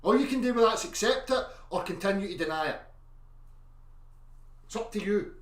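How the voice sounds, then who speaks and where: Man, high-pitched, aggressive swearing rant, echoey room. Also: expressive, fairly quick, recorded from a distance. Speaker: online commentator. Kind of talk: angry ranting monologue.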